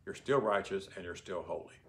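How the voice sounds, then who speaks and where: A man with a fairly low voice teaches scripture in a relaxed, conversational way. He keeps checking in with his listeners through rhetorical questions as he explains his readings. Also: brisk. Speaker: Bible teacher. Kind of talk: informal Bible teaching.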